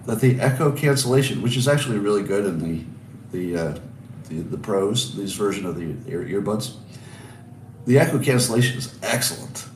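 A man's voice: medium pitch, slight background noise. A man in his sixties hosting a casual solo livestream from a hotel room, telling stories wryly with rhetorical asides. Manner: wry, storytelling with rhetorical asides and restarts. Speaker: podcast host. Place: hotel room with balcony by the ocean. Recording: roomy echo, mic at a distance, faint ambience.

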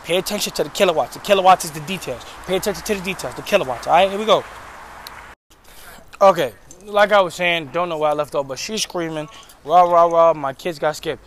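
A man's voice: a little high, quick pace, a bit bright, slight background noise. A man ranting profanely about his job to viewers while walking a city street at night. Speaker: vlogger. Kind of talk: casual storytelling vlog. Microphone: handheld phone.

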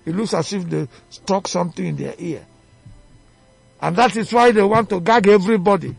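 A man's voice: sits high, normal speed, vocal fry, breathy edge, no room sound, faint music behind. A Nigerian man, a chief, arguing emphatically as a guest in a radio studio, firing off rhetorical questions. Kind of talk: heated radio debate.

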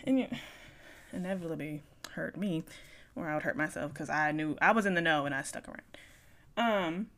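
A woman's voice: low voice, moderate pace, long pauses. A young woman hosting a podcast, candidly telling a personal story, swearing freely and acting out both sides of the conversations. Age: young adult. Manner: swings from quiet mumbles to loud bursts. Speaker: podcast host.

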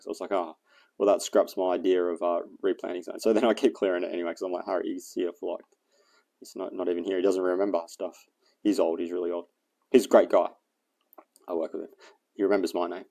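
A man's voice: flat delivery, fast. A man telling a rambling story and thinking aloud about his plans in a casual vlog, with plenty of fillers. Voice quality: gravelly, low and dark. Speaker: fitness and survival vlogger.

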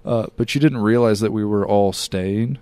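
A man's voice: on the low side, moderate pace, mellow, no room sound. A man co-hosting a podcast in casual chat, telling stories loosely with lots of filler words and laughter. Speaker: podcast co-host.

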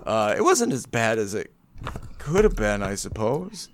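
A man's voice: lowish voice, sing-song, measured pace, dry recording. A man co-hosting a podcast, telling a story in casual, rambling chat full of swearing. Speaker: podcast co-host.

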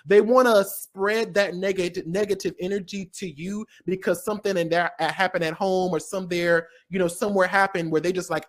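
A man's voice: high voice, normal speed, hardly any pauses. A young man co-hosting a casual podcast chat, telling stories with lots of cursing and laughter. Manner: profane, laughing, animated storyteller. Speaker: co-host.

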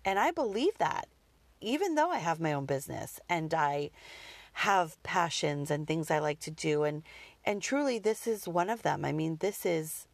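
A woman in her thirties hosting a personal podcast, talking earnestly and reflectively with frequent pauses and restarts. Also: low voice, expressive, no echo. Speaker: podcast host.

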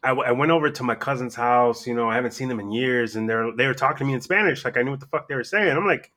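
Bright-voiced man telling loud stories. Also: medium pitch, quick pace, hardly any pauses. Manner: animated storyteller, acts out quotes loudly, swears a lot. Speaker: podcast co-host. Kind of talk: casual chat.

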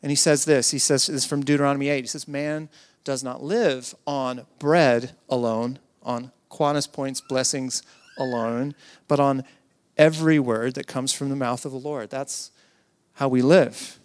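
A man preaching a sermon, earnest, asking rhetorical questions and dropping to hushed tones. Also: mid-range voice, fairly even intonation, measured pace. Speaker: pastor.

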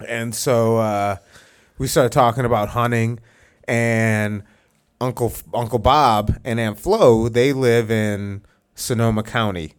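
Male podcast host, lowish smooth voice, rambling casual storyteller. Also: slow. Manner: rambling storyteller, many fillers and restarts.

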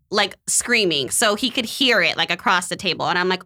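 A young woman telling a dating story in casual chat, animated and acting out the quotes, saying "like" a lot. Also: lowish voice, normal speed, few pauses. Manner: animated storyteller, acts out quotes, says "like" often.

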